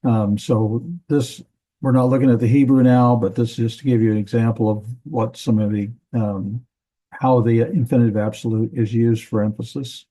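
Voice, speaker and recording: A man teaching a Bible language class in a relaxed, halting way, with many fillers and restarts. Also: mid-range voice, rough recording. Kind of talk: classroom lecture.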